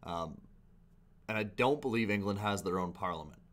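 A man's voice: on the low side, moderate pace, fairly bright tone. A man hosting a reaction video, talking casually with rambling asides and frequent laughs. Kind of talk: casual commentary.

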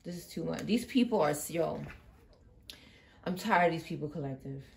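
This tarot reader has a low, gravelly, expressive voice at normal speed, with a little hiss or hum on the recording. Her live reading monologue is impassioned and full of swearing, shifting from hushed tones to loud outbursts.

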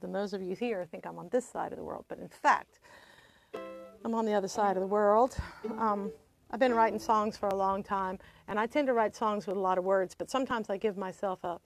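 A woman's voice: medium pitch, creaky. A woman from Virginia, a singer-songwriter hosting her show, who tells stories between songs in a chatty, rambling way and laughs easily. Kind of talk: casual storytelling between songs. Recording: ukulele playing behind the voice.

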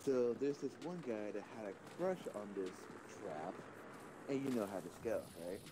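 A man's voice: fairly low pitch, very animated, moderate pace, noisy background. A man in his twenties, streaming a game, telling a rambling story to a friend and laughing often. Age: 20s. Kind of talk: casual chat while gaming.

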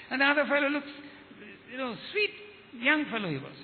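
A man's voice: extremely high pitch, very animated, normal speed, slight background noise. A man giving a testimony sermon as an evangelist, telling stories with quoted dialogue and repeating his words. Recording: tinny phone-like sound with hall reverb.

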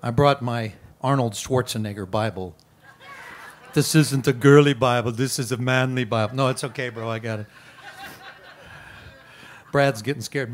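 A man pastor preaching a sermon at an outdoor worship gathering, conversational and energetic with playful asides. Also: mid-range voice, normal speed, pauses often.

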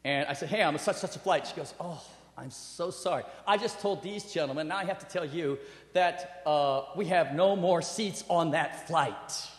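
A man preaching a sermon and telling a personal story, animated, with acted quotes and laughter. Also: fairly high pitch, normal speed. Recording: roomy hall with long reverb.

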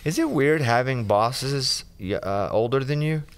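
A man's voice: medium pitch, expressive, a little slow, smooth. A man from Arkansas hosting a casual interview, joking and teasing his guest. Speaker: radio show host.

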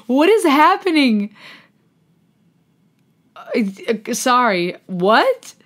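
A woman's voice: a little high, lively intonation, a little slow. A woman hosting a music reaction video, exclaiming and laughing in disbelief in casual commentary. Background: faint music playing.

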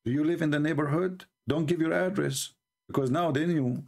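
A taunting, combative man hosts a live-stream polemic. His voice sits a little high for a man, and he keeps chuckling at his own jabs. His English grammar is non-native and rough. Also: fairly quick, darkish tone. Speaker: debate show host.

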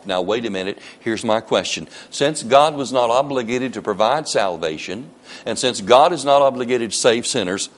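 A man's voice: medium pitch, moderate pace. A male pastor preaching a sermon, firing rhetorical questions and reading scripture aloud with strong emphasis.

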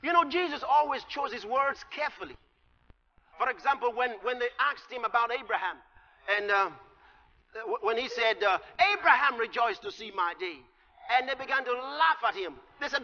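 A man preaching a sermon, explaining scripture with emphatic delivery that rises to shouts. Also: very high-pitched, expressive, normal speed. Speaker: pastor. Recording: lo-fi recording with long hall reverb.

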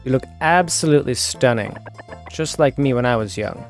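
A man's voice: mid-range voice, moderate pace, faint music behind, lightly acted. A man voicing a sweet-talking older village auntie while reading game dialogue aloud. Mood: doting.

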